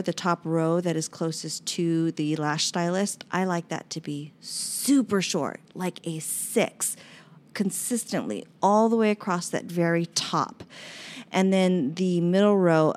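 A middle-aged woman with a slightly low voice chats casually about her salon work. She talks in an animated way and likes to act out her clients. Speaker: lash artist and salon owner. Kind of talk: casual chat.

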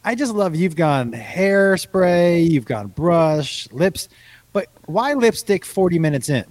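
A man's voice: high-pitched, very animated, slow, a little mellow. A man co-hosting a podcast in casual chat, rambling and often breaking into laughter. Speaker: podcast co-host.

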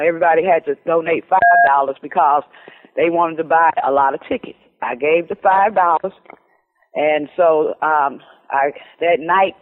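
A middle-aged woman telling her own story in casual talk, lively and acting out what people said, with plenty of "you know" and "um". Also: low-pitched. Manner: lively, acts out quoted dialogue, many fillers. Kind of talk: casual storytelling over the phone. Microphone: telephone. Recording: tinny phone line.

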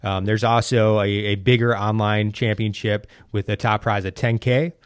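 A man hosting a casual sports podcast, rambling and animated with frequent restarts. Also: fairly low pitch, normal speed, clean tone, no room sound. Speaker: podcast host.

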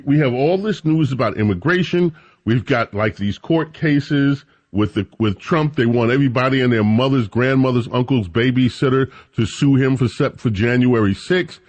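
A man's voice: medium pitch, lively intonation, normal speed, dull audio. A man hosting a weekend radio talk show, chatting and joking with a co-host and often restarting his sentences. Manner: chatty, jokey, stumbles and restarts. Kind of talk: casual radio banter.

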